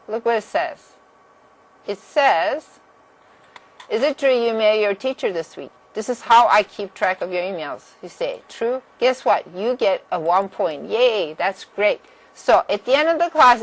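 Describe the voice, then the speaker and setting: A woman teacher walks students through course rules in a plain, mid-pitched voice. She talks directly and firmly, stressing deadlines, and now and then clears her throat. It is a recorded classroom lecture. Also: poor audio. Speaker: math instructor.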